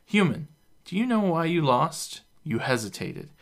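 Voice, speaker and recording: A man's voice: fairly high pitch, very animated, measured pace, gravelly, pitched above the performer's own voice, exaggerated voice. A man voicing a stern male warrior trainer who speaks in a blunt, commanding way for a story reading.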